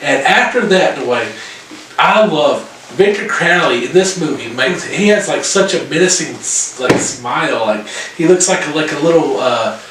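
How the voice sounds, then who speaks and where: A man casually recapping a horror film's plot, profane and animated, with lots of fillers. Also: on the high side, normal speed, a little hiss or hum. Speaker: podcast co-host reviewing a horror film. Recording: very echoey room, far from mic, music behind.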